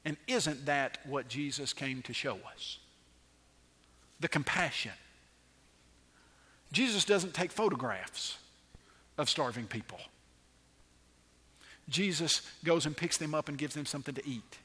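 Animated high-voiced male preacher. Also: breathy edge, big-room sound. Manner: animated, dramatic pauses, rhetorical questions. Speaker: pastor. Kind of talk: sermon.

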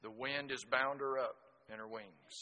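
A man preaching a sermon, telling folksy stories that swing from loud exclamations to quiet asides. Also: mid-range voice, steady tone, moderate pace. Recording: reverberant hall.

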